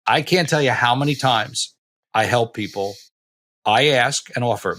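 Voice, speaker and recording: A man in his late fifties hosting a podcast, telling stories in a rambling, animated way with many restarts and blunt, salty language. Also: mid-range voice, normal speed. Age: late 50s. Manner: blunt, a bit profane. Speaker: podcast host. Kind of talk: casual interview chat.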